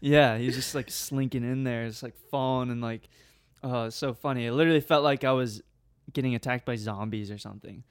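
A young man with a smooth, resonant voice at a middling pitch tells a rambling anecdote on a podcast. He is animated and laughs often, and the sound is close and dry with no room echo. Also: fairly quick. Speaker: podcast co-host. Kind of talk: casual storytelling chat.

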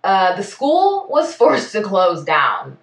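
A woman's voice: medium pitch, wildly swooping pitch, slow, roomy sound, far from the mic. A woman co-hosting a podcast, chatting casually through a case from her notes with plenty of fillers and self-corrections. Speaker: podcast co-host.

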